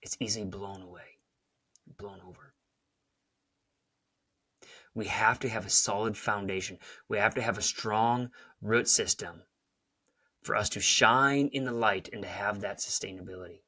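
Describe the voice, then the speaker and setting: A man's voice: fairly low pitch, steady tone, unhurried, pauses often, bright, forceful tone, husky, no room sound, studio quality. A man hosting a podcast, giving a rambling motivational talk and retelling scenes with emphasis. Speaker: podcast host and coach.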